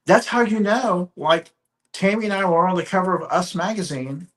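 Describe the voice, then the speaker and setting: A man's voice: sits high, a bit bright. A man co-hosting a live sale, teasing and playful in joking banter. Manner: teasing, playful, slow-spoken. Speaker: co-host.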